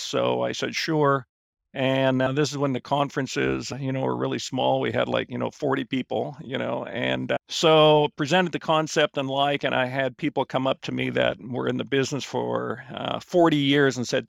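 A man's voice: medium pitch, flat delivery, normal speed, vocal fry, no echo, clean studio sound. A man in his fifties, a guest on a finance podcast, telling his story casually with lots of fillers and restarts. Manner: rambling, many fillers and restarts.

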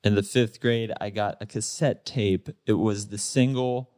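A man in his thirties, a guest in a casual interview, telling stories in a relaxed way with lots of fillers and laughs. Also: fairly low pitch, measured pace, dry recording, clean studio sound. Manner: relaxed storyteller, laughs often, many fillers.

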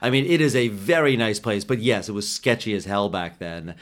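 A man's voice: fairly low pitch, moderate pace. A man co-hosting a casual podcast from an apartment, chatty and prone to restarting his sentences. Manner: chatty, with self-corrections. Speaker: podcast co-host. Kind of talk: casual chat. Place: apartment in New York.

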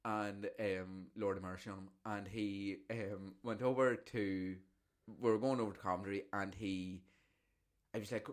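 A man hosting a podcast and telling animated stories, full of swearing. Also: lowish voice, a little slow. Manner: animated, profane storytelling. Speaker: podcast host. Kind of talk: casual chat.

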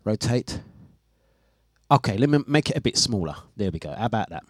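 A man hosting a breakfast radio show, telling a story in a casual, animated way with laughs and exasperation. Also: fairly low pitch, brisk, slightly rough, dry recording, studio quality. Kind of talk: casual chat on live radio stream.

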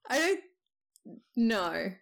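A woman's voice: fairly high pitch, very animated, drawn-out words, creaky. A woman co-hosting a casual podcast chat, giving short, giggly replies. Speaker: podcast co-host.

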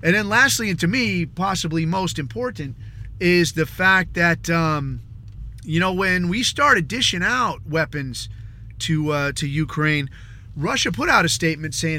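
A man hosting a podcast, ranting casually and rambling, with frequent swearing and "dude" tossed around. His voice sits fairly high and sounds bright and tense. He slips into mocking voices for others now and then. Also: expressive. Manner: acts out others in quick mocking asides. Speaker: podcast host. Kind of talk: casual political rant.

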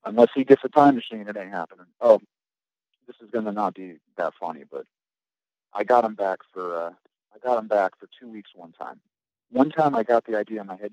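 A man with a low, mellow voice tells rough, swearing stories from his navy service. He rambles and restarts often, and his voice sounds dry and close to the mic. The recording is a bit dull and lo-fi. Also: expressive, a little fast, no echo. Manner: profane, rambling storytelling with frequent restarts. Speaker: guest, navy veteran. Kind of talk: casual podcast chat.

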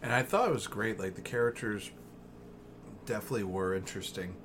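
A man's voice: lowish voice, fairly quick, background noise. A man co-hosting a podcast in casual chat, speaking in a laid-back, hesitant way with many ums. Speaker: podcast co-host.

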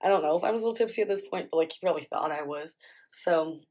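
Woman rambling thru a storytime vlog, lotta fillers, kinda low voice. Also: quick pace, darkish tone. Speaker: vlogger. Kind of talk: casual storytime.

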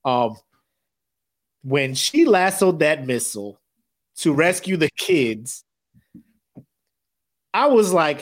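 A man co-hosting a podcast in casual chat, profane and animated, acting out movie scenes in quick voices. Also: on the high side. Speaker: podcast co-host.

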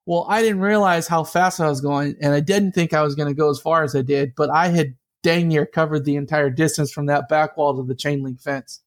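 Lively man telling a story with a slightly high voice. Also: a little fast, hardly any pauses. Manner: lively, laughing, acts out quoted voices. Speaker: interview guest. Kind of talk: animated personal storytelling.

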